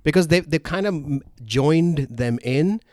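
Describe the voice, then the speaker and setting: A man hosting a casual podcast, telling stories in a rambling way with fillers and quick laughs. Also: a little high, animated, mellow, dry recording, studio quality. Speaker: podcast host.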